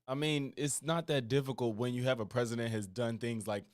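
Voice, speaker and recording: A man's voice: mid-range voice, steady tone, a little fast, dry recording, studio quality, voice pushed down, natural voice. A man playing an exasperated liberal guest on a parody talk show, who keeps trying to list his points while being interrupted. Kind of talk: parody sketch from his own video.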